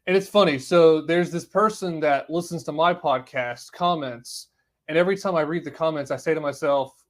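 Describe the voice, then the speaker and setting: A man's voice: on the high side, normal speed. A man hosting his own podcast, giving solo commentary and stating his views point by point with emphasis. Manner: emphatic, declaring positions point by point. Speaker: podcast host.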